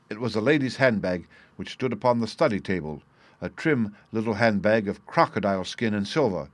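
Guy reading an old detective story aloud, steady, dry close audio. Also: fairly low pitch, brisk, no echo. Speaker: audiobook narrator. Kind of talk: scripted narration.

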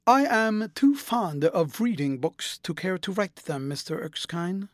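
A man's voice: high-pitched, lively intonation, unhurried, dry recording, studio quality. Man reading as a witty, languid aristocrat. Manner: epigrammatic, lightly mocking.

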